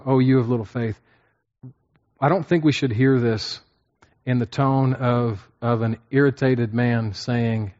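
A man's voice: mid-range voice, darkish tone. A man preaching and teaching from scripture to a group. He often repeats his points and checks in with his listeners. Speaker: pastor teaching a class. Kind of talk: sermon-style Bible teaching. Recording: dull lo-fi recording.

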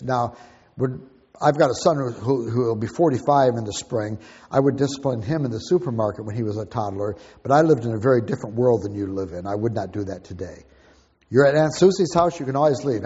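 With a warm, husky, mid-range voice, an older man teaches Christian parenting in a folksy, down-to-earth way. The lo-fi, dull recording lets his words echo through a long hall reverb.

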